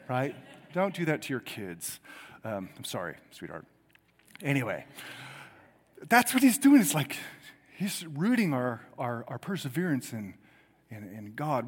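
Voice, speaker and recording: A middle-aged man preaching a sermon in a conversational way, swinging from loud emphasis to quiet asides. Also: fairly high pitch, breathy edge, in a large hall. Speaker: pastor.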